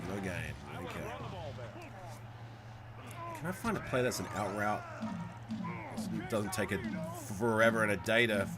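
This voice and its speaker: A man streaming a football video game live, chatting with viewers and swearing and shouting at plays. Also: fairly low pitch, lively intonation, measured pace, long pauses, very noisy. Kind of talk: live gameplay commentary.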